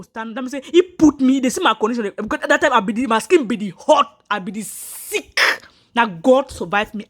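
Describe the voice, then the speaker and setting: Lady telling her story to viewers, earnest, lots of repeats and restarts. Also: a little high. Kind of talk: personal story told to viewers.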